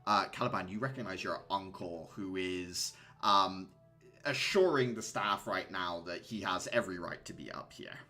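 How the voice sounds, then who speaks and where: Male game master, low pitch, bright, animated but hesitant delivery. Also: faint music behind. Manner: halting, filler-heavy descriptive narration. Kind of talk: narrating a tabletop game.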